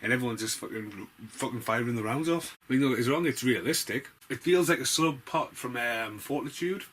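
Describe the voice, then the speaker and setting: A man's voice: mid-range voice, a little fast, a bit bright, breathy edge. A man giving a casual, rambling film review vlog, blunt and full of swearing.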